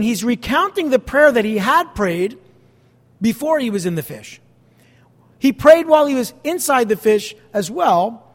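A man's voice: extremely high pitch, long reverb tail. A male pastor preaching a sermon in a conversational way, with asides and questions to the congregation.

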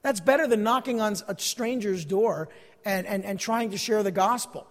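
A man's voice: high voice, normal speed. A man in his forties preaching a sermon, earnest and conversational, asking his listeners questions. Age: 40s. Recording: long hall reverb.

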